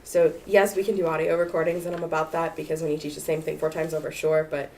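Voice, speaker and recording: A woman on a panel talking casually to future teachers, lively and chatty with fillers. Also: low-pitched, fast. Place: lecture room at a library event. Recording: distant room mic with faint hiss.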